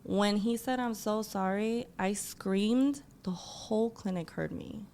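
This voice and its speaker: A woman guest telling an emotional personal story, acting out what people said with lively quoted voices. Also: slow, slight background noise. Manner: animated, acts out quotes in a higher voice.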